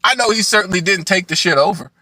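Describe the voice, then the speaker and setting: Livestream co-host, male, mocking and profane, slightly high and very bright, dry sound. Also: fast, no room sound. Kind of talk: casual crude banter.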